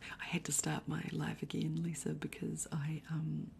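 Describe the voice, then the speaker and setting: A woman reading a bedtime story aloud in a soft, unhurried ASMR whisper. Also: sits low, monotone, vocal fry, slight background noise. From Australia. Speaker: ASMR streamer.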